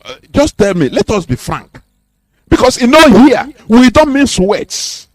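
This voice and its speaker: A man's voice: extremely high pitch, sing-song, unhurried. A man giving an impassioned, preachy radio talk full of rhetorical questions. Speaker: radio host.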